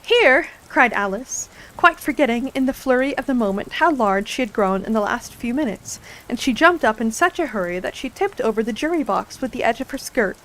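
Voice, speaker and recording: A woman streamer narrating a storybook in a soft, unhurried ASMR reading voice. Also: fairly high pitch, animated, poor audio.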